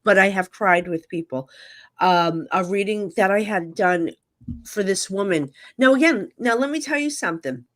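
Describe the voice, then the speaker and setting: A woman's voice: mid-range voice, expressive, moderate pace, a bit bright. A middle-aged woman, a psychic medium guest, telling emotional stories candidly in casual chat. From New Jersey. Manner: candid, emotional storytelling with frequent fillers.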